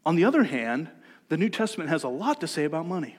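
Conversational pastor in a reverberant sanctuary. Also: male voice, on the high side, big pitch swings, fast, breathy edge. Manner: conversational, self-correcting with repeated words. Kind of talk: sermon. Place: church sanctuary. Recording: long church reverb.

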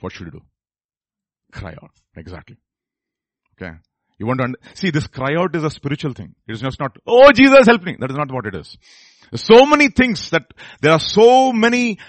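A man preaching a sermon, moving between low murmured asides and loud, high exclamations and questions to the congregation. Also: no echo. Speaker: pastor.

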